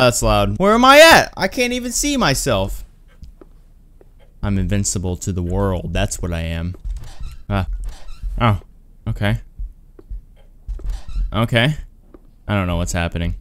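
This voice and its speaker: A man's voice: lowish voice, fairly bright tone, clear, resonant tone. A young man doing let's-play commentary on a horror game, muttering nervously and breaking into screams. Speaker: gaming YouTuber.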